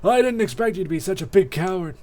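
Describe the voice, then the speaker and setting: A man's voice: high voice, expressive, fast, warm tone, pitched above the performer's own voice. A man voicing a sneering male creature thief who mocks and bullies while reading game dialogue aloud. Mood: taunting. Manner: mocking, jeering.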